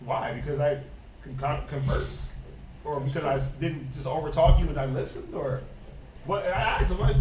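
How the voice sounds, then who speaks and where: A man's voice: on the high side, normal speed. A man leading a Sabbath study, preaching informally with fiery rhetorical questions and chuckling asides, then reading scripture aloud. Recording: echoey room, distant mic, noisy.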